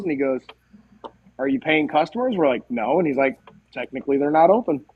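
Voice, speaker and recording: A man as a podcast guest, telling stories in a casual, animated way and acting out the dialogue. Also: on the high side, a little fast, dull audio, slight background noise. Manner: animated, acts out quoted dialogue. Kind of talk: casual storytelling.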